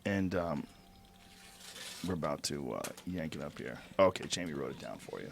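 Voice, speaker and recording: Deep-voiced man hosting an interview. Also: very animated, moderate pace, creaky, a little hiss or hum. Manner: conversational, prompting the guest with questions. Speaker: podcast host. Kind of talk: casual interview.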